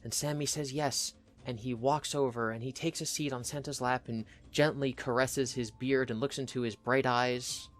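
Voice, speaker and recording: A man's voice: mid-range voice, steady tone, normal speed, hardly any pauses, faint music behind. A man co-hosting a podcast, narrating an improvised holiday story in an easygoing way. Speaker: podcast host.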